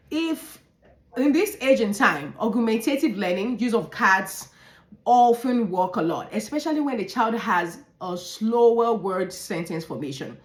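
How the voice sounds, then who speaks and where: A woman special needs educator giving an earnest instructional talk to parents, repeating key phrases and correcting herself as she goes. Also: fairly high pitch. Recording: echoey room.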